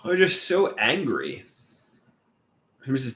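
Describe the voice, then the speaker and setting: A man hosting a casual livestream and reading out chat comments. He talks haltingly, with restarts, and sounds frustrated and glum. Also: mid-range voice, very animated, a bit bright. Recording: echoey room.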